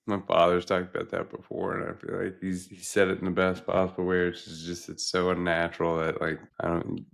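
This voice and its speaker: A man's voice: sits low, completely flat delivery, brisk, creaky. A young adult man, a doctor co-hosting a podcast, talking in an earnest, reflective, emotional way. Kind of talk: casual podcast chat.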